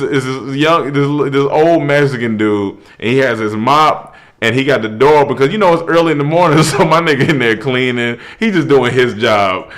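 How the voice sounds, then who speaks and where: A young man telling a funny personal story, animated, laughing through it and rising to high-pitched shouts at the peaks. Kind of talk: comedic story.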